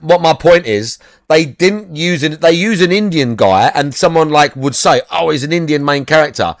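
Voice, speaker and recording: A man's voice: a little high, dry recording, clean studio sound. A young adult man chatting casually as a podcast co-host, blunt and sweary, repeating his points. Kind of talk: casual chat.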